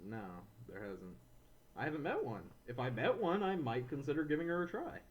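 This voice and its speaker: A man co-hosting a podcast, telling a frustrated story in casual chat, animated and ranting, slipping into quoted voices. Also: a little high, fairly quick, lo-fi sound. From Florida, USA. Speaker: podcast co-host.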